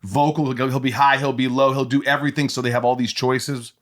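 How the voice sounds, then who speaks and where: A man's voice: mid-range voice, level tone, fast talker. A man hosting a casual interview, easygoing with self-deprecating banter. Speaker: podcast host.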